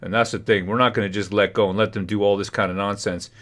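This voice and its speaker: A man with a fairly low voice rants as a livestream host. He talks in heated, indignant bursts. His commentary is loose and off the cuff. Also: steady tone, quick pace, a bit bright.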